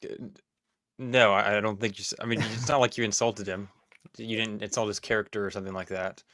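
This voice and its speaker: Man, podcast host, low voice, hesitant, soft-spoken. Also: flat delivery, brisk. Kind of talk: conversational interview.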